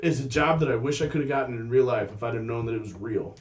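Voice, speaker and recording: A man co-hosting a casual podcast, telling stories in an animated way and swearing freely. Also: mid-range voice, fast, distant mic, lo-fi sound. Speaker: podcast co-host. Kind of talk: casual chat.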